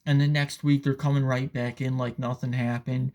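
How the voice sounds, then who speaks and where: A man's voice: medium pitch, flat delivery, moderate pace, a little mellow, highs cut off. A man giving a casual, profane, sarcastic rant as commentator, often asking "all right?".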